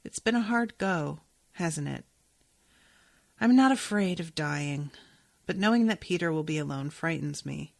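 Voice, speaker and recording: A woman reading aloud the lines of a gentle, dying older woman who apologizes and gives loving advice. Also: low voice, animated, a little slow, creaky, pauses often, no room sound, clean studio sound, full character voice. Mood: tender. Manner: soft, reading aloud from a novel.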